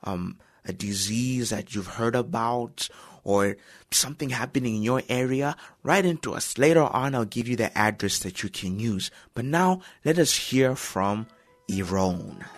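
A man's voice: mid-range voice, unhurried. A man hosting a radio program, addressing listeners in a friendly, direct way. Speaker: radio host.

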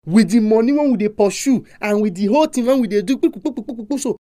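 A Nigerian-accented preacher gives an emphatic sermon. The voice is mellow and rises and falls widely. The recording is close and dry. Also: mid-range voice, rapid-fire, dry recording. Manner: animated, emphatic rhetorical questions.

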